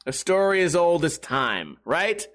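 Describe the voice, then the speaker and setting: A man's voice: fairly high pitch, big pitch swings, unhurried, fairly bright tone. A young man rambling through a crude, self-mocking comedic monologue as a podcast host.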